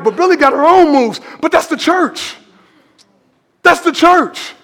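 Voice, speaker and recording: A man preaching a sermon as pastor, emphatic and animated, repeating words for effect and calling out to the congregation. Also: very high-pitched, a little slow, long pauses, big-room sound. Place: church hall.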